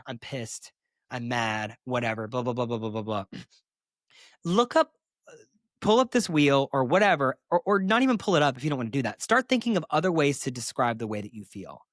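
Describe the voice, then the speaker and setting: A man's voice: fairly high pitch, a bit bright, dry recording, studio quality. A man hosting a solo podcast as a therapist, talking candidly and emphatically, with sassy asides.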